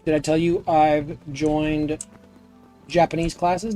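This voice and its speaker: A man live-streams a building game, rambling goofily and chatting casually with viewers as he plays. His fairly high voice is slow and mellow, with faint music behind him.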